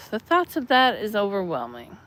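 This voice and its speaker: A woman's voice: medium pitch, huge pitch swings, slow, fairly bright tone. A middle-aged woman chatting on a casual livestream, answering chat in a chatty, mothering and blunt way, with some cursing. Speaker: livestream host reading chat.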